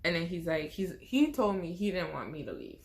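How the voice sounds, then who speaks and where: A young woman with a somewhat low voice tells a personal story to camera. She talks casually and expressively, full of slang. The delivery is animated, like a chat with a friend. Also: brisk, gravelly. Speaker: vlogger.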